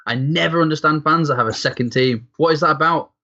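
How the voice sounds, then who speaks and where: A man's voice: a little high, fast, sharp tone, highs cut off. A man on a football podcast, making wry, jokey asides. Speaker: podcast panelist. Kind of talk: casual football banter.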